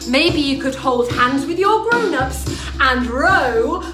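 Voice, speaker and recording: A woman leading a lively drama class for small children, talking in an animated sing-song way and making playful sound effects. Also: high voice, slow. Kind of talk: lively lesson for toddlers. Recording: echoey room with backing music.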